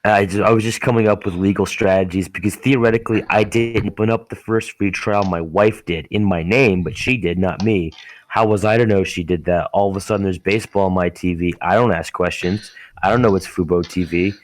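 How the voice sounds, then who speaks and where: A man's voice: low voice, steady tone, brisk. A young man co-hosting a podcast, telling a long story in a casual, rambling way, swearing and restarting often. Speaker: podcast co-host. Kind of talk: casual chat.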